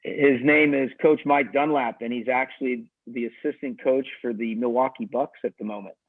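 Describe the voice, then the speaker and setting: A man's voice: mid-range voice, fairly even intonation, normal speed, no echo. A man, a head tennis coach, giving easygoing, rambling interview answers with many restarts over a video call. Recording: tinny phone-like dry audio.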